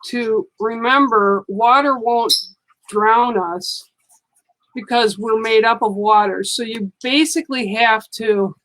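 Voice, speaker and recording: Slow, soothing woman reading cards. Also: a little high, fairly bright tone, rough recording. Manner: slow, soothing, reassuring, repeats "okay". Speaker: psychic card reader. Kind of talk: live-stream card reading.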